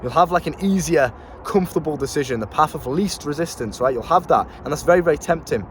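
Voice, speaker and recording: Outdoors in town, a young self-improvement coach gives a casual motivational talk to camera in a fairly high, animated voice at a fast clip. He uses slang and profanity, repeats himself, and faint street sounds carry behind him.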